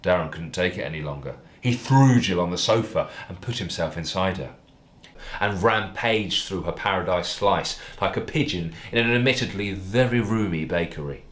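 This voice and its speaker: A male comedian reads a parody story aloud with deadpan, mock-earnest delivery. His voice sits low but moves a lot, rising and falling for comic effect. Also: moderate pace.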